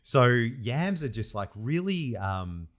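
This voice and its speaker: A man's voice: medium pitch, slow. Young man, podcast co-host, casual chat, laughs a lot. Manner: laughs often, animated, says "mate" a lot.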